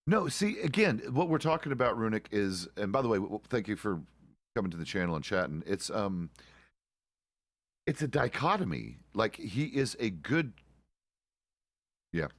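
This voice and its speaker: A man's voice: fairly low pitch, big pitch swings, moderate pace, long pauses, dry recording. A middle-aged man streaming a roleplay game, chatting casually in a rambling way, often correcting himself mid-sentence and swearing now and then. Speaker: streamer playing a deputy.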